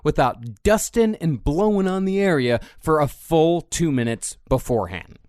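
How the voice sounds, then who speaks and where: A man's voice: fairly high pitch, lively intonation, normal speed, a little mellow, dry recording, studio quality. A man co-hosting a casual true-crime podcast, steadily reading out case facts between jokes. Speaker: podcast co-host.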